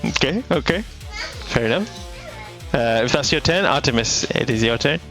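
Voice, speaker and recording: A game master narrating a tabletop game in a laid-back way, laughing often and filling pauses with "uh" and "um.". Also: medium pitch, expressive, fairly bright tone, soft background music, low-quality recording. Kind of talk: running a tabletop game online with friends.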